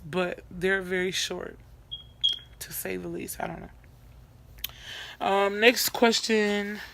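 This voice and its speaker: A woman's voice: fairly low pitch, fairly bright tone. A young woman chatting casually in a get-to-know-me vlog from her bed at night, rambling with many fillers and repeating herself. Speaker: vlogger.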